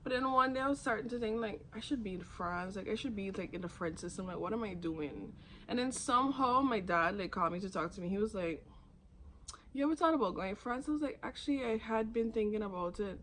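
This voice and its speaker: A woman's voice: quick pace, a bit bright, slight background noise. A young woman, casually telling her own story to camera and acting out what others said. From Saint Martin. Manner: chatty, acts out others' lines with sudden high jumps. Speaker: vlogger.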